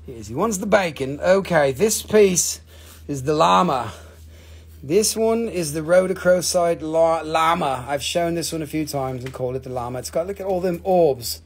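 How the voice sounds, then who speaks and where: A fairly high-voiced man with a husky edge runs a casual live-stream auction. He talks in an excitable, joking way and swears freely. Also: normal speed. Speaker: live-stream crystal seller.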